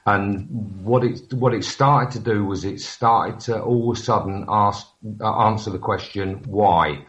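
Earnest male guest, deep, halting delivery, heard down a lo-fi call line. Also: fairly bright tone. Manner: earnest, hesitant with restarts and fillers. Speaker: radio show guest. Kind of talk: casual chat over a call. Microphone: internet voice call. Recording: dull, muffled call line.

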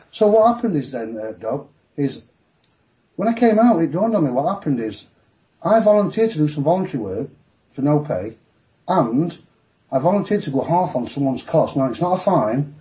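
Mellow-voiced man storytelling. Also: a little high, low-quality recording. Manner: animated, mimics voices in retelling. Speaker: guest telling his story. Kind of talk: casual storytelling on a podcast.

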